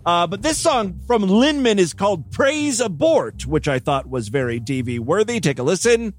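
Guy hosting a podcast, high-pitched, super animated, crude and irreverent. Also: normal speed, dry recording, faint music behind. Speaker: podcast host. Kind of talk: crude comedic commentary on clips.

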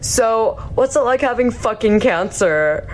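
A woman's voice: a little high, lively intonation, measured pace, a little hiss or hum. A young woman speaking in a taunting, insulting and profane way on a video chat. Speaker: streamer.

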